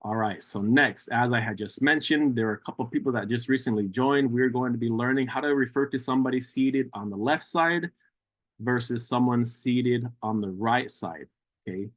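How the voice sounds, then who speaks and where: Male language teacher, mid-pitched, patient, slow repetitions, dry close mic. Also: no room sound. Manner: patient, repeats words slowly for learners. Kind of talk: online language class.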